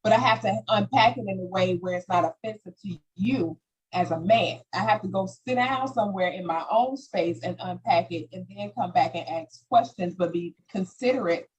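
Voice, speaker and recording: A woman hosting a panel talk, telling stories in an animated way and acting out quoted voices. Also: mid-range voice, moderate pace, slightly rough, dull audio. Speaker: host. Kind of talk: panel discussion.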